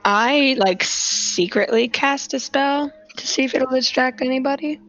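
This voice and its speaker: A woman's voice: sits high, a little slow, fairly bright tone. A woman playing a tabletop role-playing game, chatty and giggly as she describes her character's actions. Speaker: player. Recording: slightly dull lo-fi audio with faint music.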